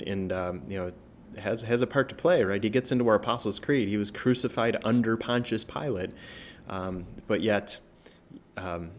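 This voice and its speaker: A man with a lowish voice gives an informal Bible lesson as a pastor. He talks casually, restarting phrases and asking "right?" often, then moves into a quiet prayer. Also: a little hiss or hum. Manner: conversational, many fillers and tag questions; prays softly at the close.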